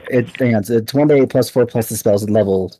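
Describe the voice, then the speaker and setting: A man playing a tabletop role-playing game, chatty and laughing often, lifting his pitch when he speaks in character. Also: fairly quick, mellow, no room sound. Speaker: player.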